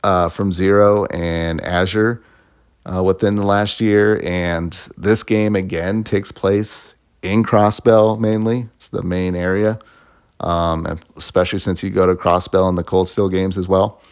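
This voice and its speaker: A man's voice: sits low, steady tone, a little slow, clean tone. A man giving a casual, rambling spoken review of a video game, chuckling often between thoughts. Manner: rambling and chatty, laughs often, fillers and restarts.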